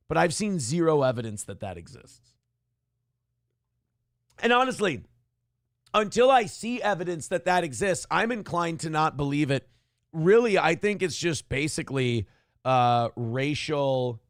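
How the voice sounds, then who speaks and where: A man with a slightly higher voice hosts a live-stream talk show, rambling sarcastically and filling gaps with "uh" and "um". The recording is close and dry, with no room sound around his voice. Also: dry recording. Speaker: show host reading live chat.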